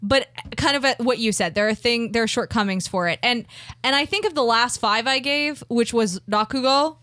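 A woman co-hosting an anime podcast, talking casually in a halting way with many restarts. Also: a little high, bright, forceful tone, dry recording, clean studio sound. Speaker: podcast co-host. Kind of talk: casual podcast review chat.

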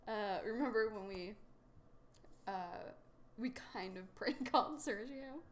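A woman's voice: a little high, measured pace, a little hiss or hum. A woman co-hosting a podcast in casual chat, laughing often and swearing. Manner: giggly, swearing, chatty. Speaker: podcast co-host.

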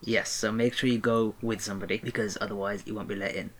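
A man's voice: lowish voice, steady tone, quick pace. A young man co-hosting a podcast, eagerly bringing up topics and explaining them. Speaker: podcast co-host. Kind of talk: casual chat.

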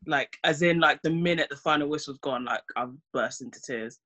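A woman's voice: deep voice, a little fast, a bit bright. A young woman, chatting casually and acting out her own reactions. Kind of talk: casual chat.

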